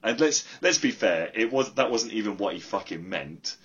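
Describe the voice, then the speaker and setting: Male podcast co-host, low and animated, swears and teases, dull lo-fi recording. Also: moderate pace, breathy edge. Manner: swears casually, teasing. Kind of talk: casual gaming podcast chat. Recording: muffled lo-fi audio.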